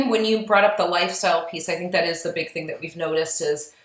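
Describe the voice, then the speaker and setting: A woman co-hosting a podcast, talking in an earnest, chatty way that turns animated when she quotes people. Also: lowish voice, a little fast. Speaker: podcast co-host. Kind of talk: casual podcast talk. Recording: roomy echo.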